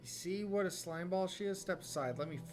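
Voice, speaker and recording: A man's voice: sits high, fast, over music. Sarcastic man streaming a game. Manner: sarcastic, joking. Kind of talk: live game commentary.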